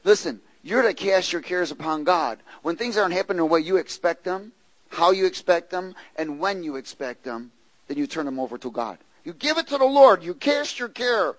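A man's voice: expressive, normal speed, dry recording, rough recording. Fiery preacher man, dry close sound. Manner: emphatic, swings from low asides to loud shouted peaks, mimics congregants; frequent rhetorical "Hello?" and call-and-response questions. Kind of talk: sermon.

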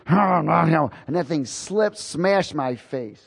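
A man's voice: a little high, animated, very slow, creaky, breathy edge, long reverb tail. A man preaching a sermon, telling a personal story in a folksy, chuckling way.

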